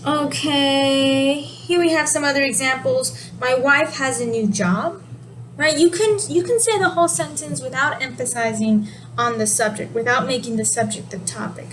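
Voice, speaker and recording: Woman teacher, high voice, casual explainer, steady noise behind her. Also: moderate pace, rough recording. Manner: explanatory, relaxed, self-correcting. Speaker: sign language teacher. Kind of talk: casual video lesson.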